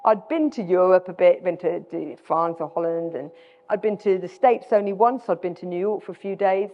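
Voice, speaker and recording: A woman's voice: on the low side, moderate pace. A middle-aged British woman with a British accent, giving a self-deprecating live talk as a guest speaker, often restarting her sentences. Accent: British English. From Britain. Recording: dull sound with long hall reverb.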